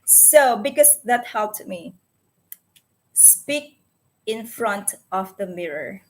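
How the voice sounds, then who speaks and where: Woman, Filipino accent, unhurried delivery, hesitant and self-correcting, casual to-camera vlog. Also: medium pitch, animated. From Philippines. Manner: hesitant, searching for words with many restarts. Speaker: vlogger.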